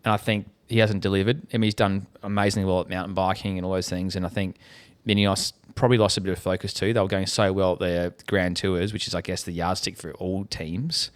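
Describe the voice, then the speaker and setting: Relaxed Australian man, low voice. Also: a little fast, few pauses. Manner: relaxed, chatty, trails off with fillers. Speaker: podcast co-host. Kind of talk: casual chat.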